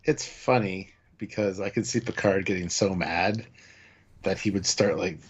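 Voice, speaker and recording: Low-voiced relaxed male co-host. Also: a little slow, breathy edge, highs cut off. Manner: relaxed, prompting viewers to vote. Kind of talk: casual livestream banter.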